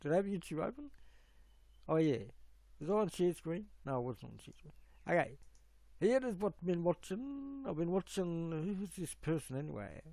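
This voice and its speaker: A man's voice: fairly high pitch, very animated, normal speed, creaky, warm tone, dry recording. A middle-aged man, rambling on a live stream while he fiddles with his stream settings. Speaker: livestream host.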